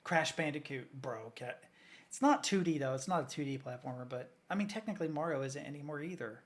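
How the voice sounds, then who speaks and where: A man's voice: a little high, fairly quick. A man from the Southern United States, streaming and ranting casually with lots of swearing while he reacts to clips. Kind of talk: live-stream reaction commentary.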